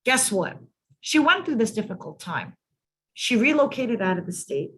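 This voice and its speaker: A woman's voice: fairly high pitch, very animated, normal speed, a bit bright, husky. A woman clinician telling a case story to colleagues over a video call, emphatic and often repeating words for stress. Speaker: mental health clinician presenting to colleagues. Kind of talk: storytelling in a training presentation.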